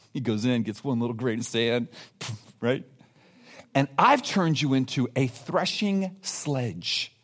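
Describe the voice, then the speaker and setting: Animated, high-voiced male preacher. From grew up in a city. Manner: animated, emphatic, with playful asides and laughs. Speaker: pastor. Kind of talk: sermon.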